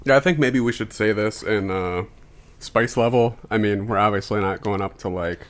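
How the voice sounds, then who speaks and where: A man's voice: lowish voice, moderate pace. A man co-hosting a casual food tasting chat, explaining things with hesitant fillers. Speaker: co-host.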